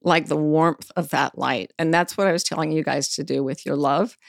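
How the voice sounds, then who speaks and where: A woman's voice: sits low, fairly even intonation, moderate pace, vocal fry, dry recording, clean studio sound. A middle-aged woman, a podcast guest, telling vivid personal stories in a frank, blunt way. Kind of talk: storytelling in casual conversation.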